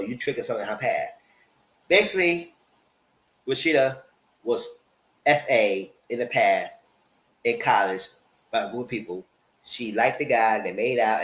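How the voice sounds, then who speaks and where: A man hosting a casual live TV recap, animated, jumping into loud high-pitched quotes of the characters. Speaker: TV review host. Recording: roomy echo.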